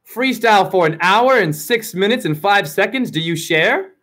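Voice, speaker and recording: A man's voice: high voice, animated, moderate pace, pushed and bright. A man hosting his own video channel, delivering a rambling spoken-word freestyle monologue full of rhyming free-association wordplay and preachy advice.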